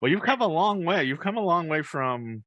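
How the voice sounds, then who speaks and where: A man's voice: on the high side, very animated, moderate pace, pushed and bright, no echo, highs cut off. A man hosting a casual interview, joking and teasing his guest with stumbling restarts. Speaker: host.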